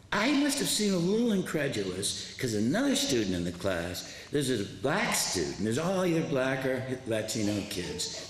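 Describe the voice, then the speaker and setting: A man in his seventies, an author and former teacher, giving a public lecture and telling stories in an impassioned way. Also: medium pitch. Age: 70s. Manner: impassioned, tells stories with quoted dialogue. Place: large lecture hall with an audience. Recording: echoey hall, faint background noise.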